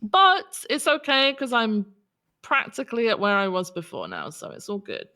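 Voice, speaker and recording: A woman's voice: fairly high pitch, huge pitch swings, moderate pace, sharp tone. A woman chatting casually in character in a roleplay game, hesitant, full of fillers and trailing sentences. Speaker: roleplay player.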